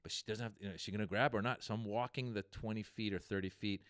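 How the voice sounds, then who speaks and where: Male comedian guest, animated storyteller, resonant voice, close and dry. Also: lowish voice, fast, smooth, no room sound. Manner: animated storyteller who acts out the people he quotes. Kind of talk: casual storytelling chat.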